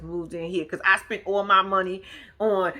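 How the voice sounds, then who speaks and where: A woman's voice: mid-range voice, little pitch movement, moderate pace, sharp tone. A woman giving casual, profane reaction commentary on a reality show, with laughing asides.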